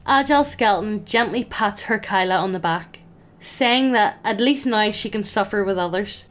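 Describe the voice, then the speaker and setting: A woman's voice: mid-range voice, moderate pace, a bit bright, a little hiss or hum. A woman acting as game master, narrating a tabletop game in a playful, amused way.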